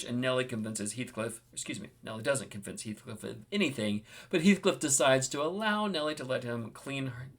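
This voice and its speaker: A man's voice: medium pitch, a bit bright. Enthusiastic man chatting about books. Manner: enthusiastic, chatty, frequent fillers. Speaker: host of a book-reading channel. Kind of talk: casual book commentary.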